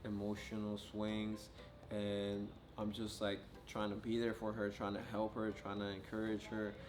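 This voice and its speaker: A young man, a new father, chatting casually in a vlog, relaxed and rambling with lots of filler words. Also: fairly low pitch, unhurried, over music. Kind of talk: casual chat.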